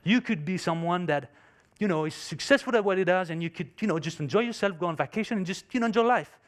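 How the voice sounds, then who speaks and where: A man's voice: high voice, lively intonation, fast talker. A man speaking English as a second language, voicing a pushy, successful businessman who lectures insistently.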